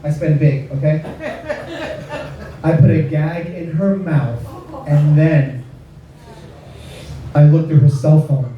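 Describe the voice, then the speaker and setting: High-voiced man doing stand-up in an echoey club. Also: steady tone, slow, long pauses, muffled recording. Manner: self-deprecating, chatty asides to the crowd. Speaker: stand-up comedian. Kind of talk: stand-up comedy set. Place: comedy club stage. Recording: echoey club room, mic at a distance.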